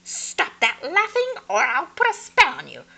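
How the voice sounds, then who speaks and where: A woman's voice: sits high, wildly swooping pitch, moderate pace, creaky, bright, forceful tone, pitched above the performer's own voice, full character voice. A woman voicing a feisty, defiant young witch heroine in a storybook reading, growling and sassy. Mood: threatening.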